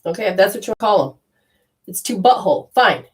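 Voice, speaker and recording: A medium-pitched woman talks briskly in a low-quality recording of a live channeling session, where she acts as a spiritual medium. Her rambling, animated delivery swings between loud bursts and hushed asides.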